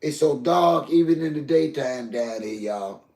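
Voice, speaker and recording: An older man hosting a live stream. His voice is gravelly and grainy, and it bounces around an echoey room. He talks to his chat in a heated, preachy way. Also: a little high, animated, unhurried, darkish tone. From Southern US. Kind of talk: emotional live stream talk.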